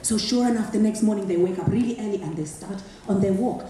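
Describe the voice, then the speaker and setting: Expressive woman telling a folktale. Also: medium pitch, fast. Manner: rhythmic, expressive, repetitive phrasing. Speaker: storyteller. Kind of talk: live oral storytelling. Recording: echoey hall from far off, faint ambience.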